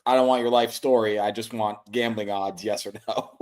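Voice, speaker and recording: Man, lost voice, deadpan, dry teasing, video call co-host. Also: fairly low pitch, moderate pace. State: lost his voice. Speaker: podcast co-host. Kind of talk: casual sports betting chat over video call.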